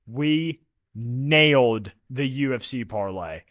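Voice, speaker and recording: A young man co-hosting a sports podcast, animated and quick to swear as he tells his weekend stories. His voice is mid-pitched and sounds dry and close, with little room around it. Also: no room sound, lo-fi sound. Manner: animated storyteller, swears casually. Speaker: podcast co-host. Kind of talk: casual sports chat.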